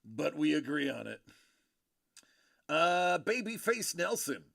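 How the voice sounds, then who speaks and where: A man doing casual live-stream commentary while opening collectible cards, joking and reacting loudly. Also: a little high, big pitch swings, slow, gravelly, no room sound, clean studio sound.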